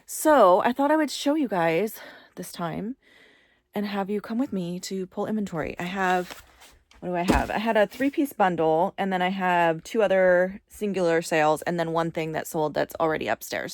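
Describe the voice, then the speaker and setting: A woman's voice: lowish voice, normal speed, no room sound. A middle-aged woman chatting casually to viewers while walking around her storage area, hunting through shelves and bins. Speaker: reseller vlogger. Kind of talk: casual work-with-me vlog narration.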